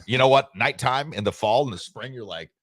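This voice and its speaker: A man's voice: mid-range voice, brisk, fairly bright tone, no echo, studio quality. A man hosting a sports radio show in casual, joking chat, rambling and reading listener messages.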